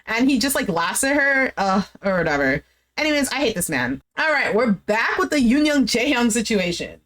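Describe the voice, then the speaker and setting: A woman's voice: fairly high pitch, sing-song, normal speed, fairly bright tone. A young woman talks through a show recap in a loose, conversational way. She strings her sentences together with "like" and "you know", retelling what happened in an easygoing, chatty flow. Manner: chatty, filler-heavy retelling with lots of "like". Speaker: recap vlogger.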